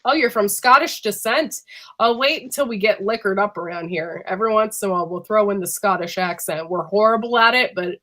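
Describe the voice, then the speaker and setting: A woman's voice: mid-range voice, a little fast, fairly bright tone. A woman hosting a casual live-stream chat from home, sick and coughing, chatty and laughing often. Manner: chatty, laughing, says freaking a lot. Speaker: host.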